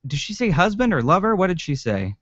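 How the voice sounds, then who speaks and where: A man's voice: high voice, big pitch swings, brisk, fairly bright tone, dry recording. A man co-hosting a casual podcast chat about a TV episode, rambling with lots of ums and swearing. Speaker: podcast co-host. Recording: dry, dull lo-fi sound.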